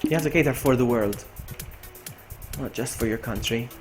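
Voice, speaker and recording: A man's voice: mid-range voice, moderate pace, poor audio. A man from Malta, chatting loosely on a live game stream. He rambles, corrects himself mid-sentence and answers viewers' messages aloud. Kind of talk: casual live-stream chat. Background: game music.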